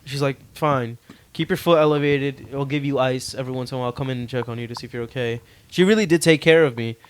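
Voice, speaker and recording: A man's voice: medium pitch, fast, slight background noise. A young man on a podcast telling a story casually, laughing and swearing often. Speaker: podcast co-host.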